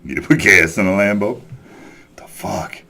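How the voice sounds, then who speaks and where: A man's voice: on the low side, moderate pace, creaky, bright, forceful tone. A man telling a story in a profane, exasperated rant, chuckling as he goes. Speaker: vlogger ranting about a coworker.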